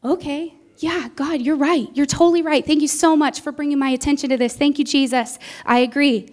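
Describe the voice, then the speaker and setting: High-voiced woman preaching a sermon. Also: steady tone, a little fast, a little mellow. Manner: earnest, personal storytelling with acted-out quotes. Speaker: guest preacher. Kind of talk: Sunday sermon. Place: church sanctuary.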